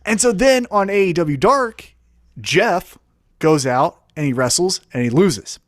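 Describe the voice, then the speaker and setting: A man co-hosts a casual podcast, telling a story with animated energy. His voice sits high and swings widely. The sound is dry and close. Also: unhurried, no echo. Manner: animated storytelling, acting out quoted lines. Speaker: podcast co-host. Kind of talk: casual wrestling podcast chat.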